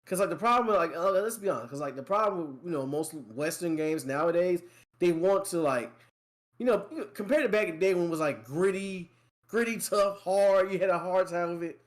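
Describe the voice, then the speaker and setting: A man's voice: sits high, a little fast. A man talking loosely about games with a friend, his voice sitting a little above the usual male range. He wanders through his points and leans heavily on fillers like "like" and "you know.". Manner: rambling, heavy use of "like, you know". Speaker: guest gamer friend. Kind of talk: casual chat.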